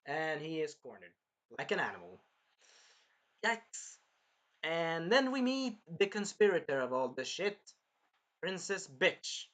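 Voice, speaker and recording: A man recapping an anime episode in an excitable, rambling way, jumping between plot points. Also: fairly high pitch, measured pace, long pauses. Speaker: anime reviewer.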